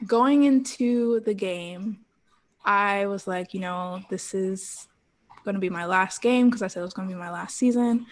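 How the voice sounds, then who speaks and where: A woman in her thirties, a guest on an interview podcast, telling her story in an animated way full of "like" and quoted thoughts. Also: mid-range voice, a little slow. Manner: animated storyteller, quoting herself, frequent "like" and laughs. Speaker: interview guest, former pro cheerleader.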